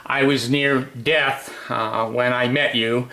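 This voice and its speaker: A man's voice: mid-range voice, steady tone, slow pace, sharp tone, reverberant, poor audio. A man in his eighties hosting a casual home video, rambling affectionately with many fillers. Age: 80s. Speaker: host.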